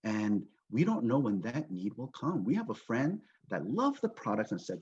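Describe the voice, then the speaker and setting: A man's voice: medium pitch, wildly swooping pitch, fairly quick, few pauses, a little mellow, husky. A man giving a motivational business training talk on a video call, telling a story and acting out what people say. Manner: storytelling with acted-out quotes. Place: home, Las Vegas. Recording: dull lo-fi call audio.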